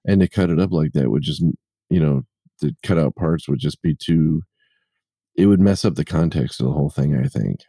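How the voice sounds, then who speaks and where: A man's voice: very deep voice, fairly quick, warm tone, breathy edge, no room sound, studio quality. A man hosting a casual podcast chat, rambling and correcting himself as he goes. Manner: rambling, self-correcting, jokey storyteller. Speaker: podcast host.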